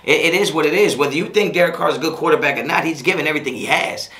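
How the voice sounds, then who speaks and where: A man's voice: on the high side, rapid-fire, bright, forceful tone. A man hosting his own sports fan channel, ranting in a casual reaction vlog, frustrated and repetitive with lots of slang.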